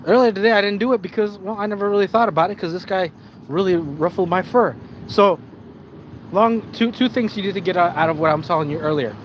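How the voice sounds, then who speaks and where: Male channel host, casual live-stream rambler with a high-ish voice, heavy profanity, quiet traffic noise in the background. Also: fast. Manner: rambling and profane, with frequent restarts.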